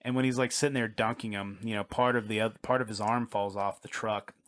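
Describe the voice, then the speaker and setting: A man's voice: on the low side, fairly even intonation, fairly quick, a bit bright. Rambling man recapping a movie. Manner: rambling, swears, recaps scenes with repeated "he's like". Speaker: podcast co-host. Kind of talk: casual movie review chat.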